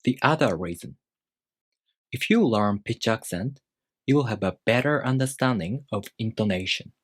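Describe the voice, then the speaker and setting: Husky-voiced man teaching calmly. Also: lowish voice, moderate pace, dry recording, clean studio sound. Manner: calm, methodical explanations with spoken examples. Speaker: language teacher. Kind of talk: instructional video lesson.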